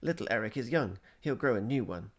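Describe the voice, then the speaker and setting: A man's voice: mid-range voice, expressive, brisk, natural voice. A man voicing a bold, bossy seven-year-old girl who talks imperiously, in a storybook reading. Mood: reassuring. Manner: imperious, challenging.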